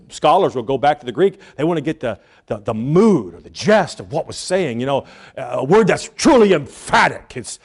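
A man preaching a sermon with animated emphasis, dropping to hushed asides and acting out the people he quotes. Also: on the high side. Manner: acts out quoted speakers in lively voices.

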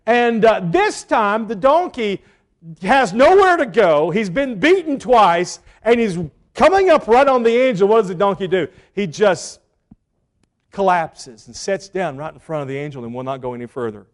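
A man preaching a sermon as a pastor, retelling a story in an animated way and acting out the quotes. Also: sits high, normal speed.

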